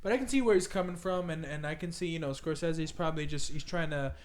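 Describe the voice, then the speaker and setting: A man from New York co-hosting a podcast, talking in a halting, hesitant way and restarting his sentences. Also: on the high side. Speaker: podcast co-host. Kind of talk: casual movie-review chat.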